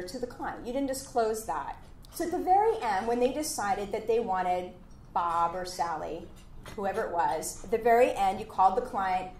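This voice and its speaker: A woman giving an animated motivational talk and acting out conversations as she tells stories. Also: medium pitch. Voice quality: lively storyteller who plays out conversations. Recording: roomy echo, faint noise.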